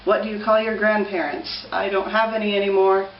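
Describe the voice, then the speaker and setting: A woman's voice: medium pitch, fairly quick, a little hiss or hum. Rambling woman, distant and roomy. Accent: Pacific Northwest American. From Pacific Northwest US. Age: 30s. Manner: rambling, relaxed, many ums. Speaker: vlogger. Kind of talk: casual rambling vlog. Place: room with an open window. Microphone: camera on a tripod. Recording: roomy, distant, dull home-camera sound.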